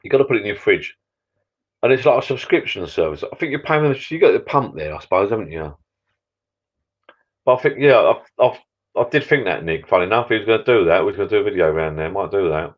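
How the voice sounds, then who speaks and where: A man's voice: lowish voice, animated, quick pace. A man hosting a live stream from his backyard pub shed, chatting and grumbling in a rambling, self-interrupting way. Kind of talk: casual chat with viewers. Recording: dull lo-fi live stream audio.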